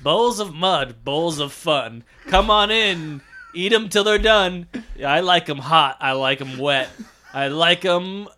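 A man's voice: a little high, slow, sharp tone, a little hiss or hum. A man playing an eccentric, cheerful chef who recites little rhymes, in an improvised comedy podcast. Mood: sing-song. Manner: sing-song rhyming recitation. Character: eccentric male chef, cheerful rhyming poet.

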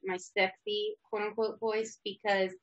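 A woman's voice: mid-range voice, very animated, unhurried. Giggly woman co-host, lo-fi sound. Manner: giggly, easygoing. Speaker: podcast co-host. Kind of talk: casual chat. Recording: dull lo-fi recording.

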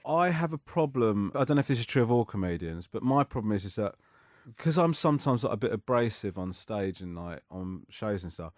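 A man's voice: lowish voice, animated, brisk, no room sound, studio quality. A man, chatting as a comedian guest in a rambling, self-mocking way, often laughing. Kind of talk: casual interview chat.

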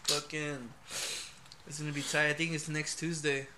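A man co-hosting a podcast, talking in an animated, profane, slangy way. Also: a little high, normal speed. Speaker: podcast co-host. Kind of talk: casual chat.

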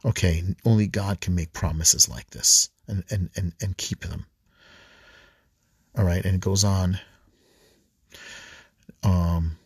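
Husky low-voiced man preaching. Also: fairly even intonation, a little slow, pauses often, a little mellow, no echo, studio quality. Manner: earnest, repetitive, with restarts and throat clearing. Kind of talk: podcast scripture reflection.

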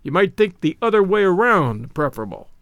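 Man voicing a commanding gentleman for a storybook reading, sharp and sardonic, high lively delivery, dry sound. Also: moderate pace, no room sound, full character voice. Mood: breezy. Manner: sharp, severe, breezy and sardonic. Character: brisk witty Irish gentleman friend, commanding.

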